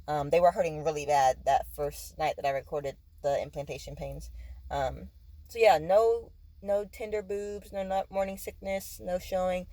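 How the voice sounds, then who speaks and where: A woman's voice: on the low side, normal speed, mellow, dry recording, low-quality recording. A woman in her twenties, a teacher, chatting candidly in a casual vlog and sounding tired, with lots of fillers. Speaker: vlogger and teacher.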